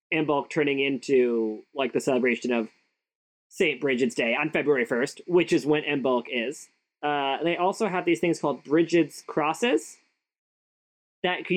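A woman's voice: sits low, poor audio. Giggly young woman podcast cohost. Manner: giggly, sarcastic, full of "like". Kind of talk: casual chat.

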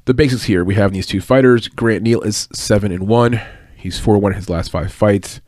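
A man's voice: on the low side, normal speed, darkish tone, dry recording, studio quality. A man giving casual fight predictions and betting tips, chatty, with fillers and small laughs. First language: English. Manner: chatty, laughs at own remarks, lots of fillers. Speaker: fight analyst and betting tipster.

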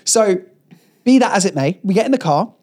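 A man co-hosting a podcast, telling stories in a playful, animated way. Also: high voice, a little fast. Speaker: podcast co-host. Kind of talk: casual chat.

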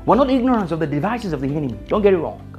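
Brief: woman preacher, lively swooping delivery, warm dark tone, faint music behind. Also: on the low side, racing. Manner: emphatic, repetitive, laughs often. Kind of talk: sermon.

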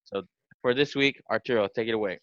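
Low-voiced guy in his 20s rambling thru a story, lots of "like", dry dull mic. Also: quick pace, fairly bright tone, dry recording. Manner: rambling, full of "like" fillers. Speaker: podcast host. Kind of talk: casual storytelling.

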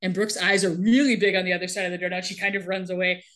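A woman's voice: on the low side, little pitch movement, fast talker, fairly bright tone. A woman hosting a podcast, recapping an episode in casual chat with a wry, amused manner and frequent laughter. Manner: wry, amused storyteller who laughs often. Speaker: podcast host.

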